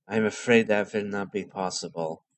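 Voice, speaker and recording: A man voicing a calm, caring middle-aged German doctor, putting on a German accent and speaking slowly and low. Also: dry recording, natural voice. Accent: put-on German.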